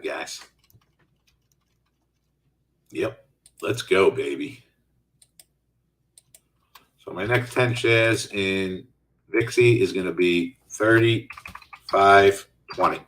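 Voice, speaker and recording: Middle-aged male trading host, lowish voice, loose live-chat delivery, sitting a little back from the mic. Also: takes it slowly, pauses often, bright, forceful tone, recorded from a distance. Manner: casual, reads out and answers viewer chat while trading. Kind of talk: live trading stream commentary.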